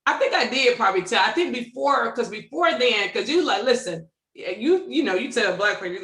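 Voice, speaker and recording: Detroit woman, host, high voice, storyteller with echoey call audio. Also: brisk, few pauses. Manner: animated, laughing, acts out quoted voices. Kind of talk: casual storytelling. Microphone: video call.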